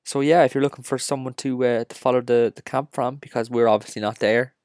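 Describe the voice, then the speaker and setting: An Irish man with a Cork accent hosting a solo podcast, ranting and joking in an excitable, casual way. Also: medium pitch, fast talker, no room sound, clean studio sound. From Ireland. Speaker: podcast host.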